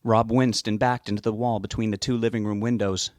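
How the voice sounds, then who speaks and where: A man narrates a novel in a steady, measured way. His voice sits fairly low and is recorded dry and close, with no room sound. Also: no echo. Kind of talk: audiobook narration.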